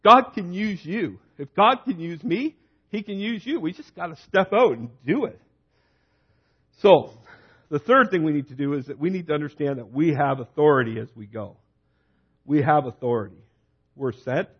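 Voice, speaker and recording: A man's voice: a little high, lively intonation, normal speed, husky, lo-fi sound. A man preaching a sermon, urging listeners with short, repeated exhortations. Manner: urgent, repetitive exhortations.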